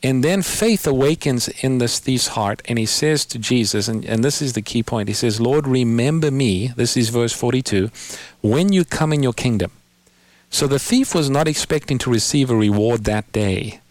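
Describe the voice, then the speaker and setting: A man hosting a call-in radio Bible program, patiently explaining scripture and slowing down to quote verses. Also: mid-range voice, dry recording. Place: radio studio.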